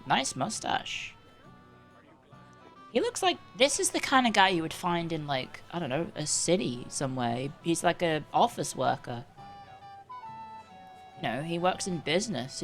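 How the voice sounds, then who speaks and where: A woman's voice: low-pitched, animated, normal speed, fairly bright tone. Chatty woman streamer over music. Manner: chatty, rambling, playful asides to chat. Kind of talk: casual gameplay chat. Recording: game music under the voice.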